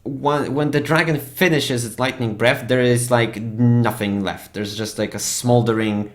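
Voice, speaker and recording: A man's voice: mid-range voice, fairly even intonation, measured pace. A young man narrating a tabletop game as game master, rambling with many fillers and restarts.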